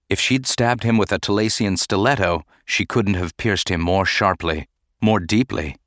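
Male audiobook narrator, low voice, measured reading, dry close sound. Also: fairly bright tone, no room sound. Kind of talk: scripted narration.

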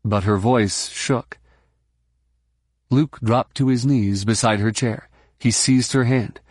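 A man reading a novel aloud as narrator, in a measured, even storytelling manner into a close mic. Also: medium pitch, breathy edge, dry recording. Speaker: audiobook narrator. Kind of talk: scripted narration.

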